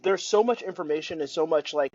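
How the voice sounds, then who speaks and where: Husky, high-voiced man in casual chat. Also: brisk, darkish tone, no room sound, muffled recording. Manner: rambling, profane, trails off mid-thought. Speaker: podcast co-host.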